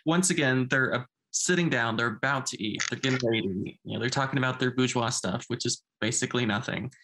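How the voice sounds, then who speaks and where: A man co-hosting a podcast, casually retelling film scenes in an animated way. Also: mid-range voice, fast talker, a little hiss or hum. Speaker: podcast co-host.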